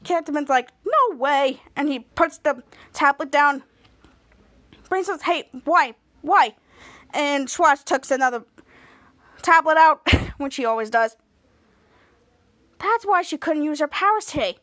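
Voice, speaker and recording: Another podcast host retells a TV episode in a casual, lively way, performing the characters' dialogue as she goes. She has a high voice and a measured pace with long pauses, and there's no echo.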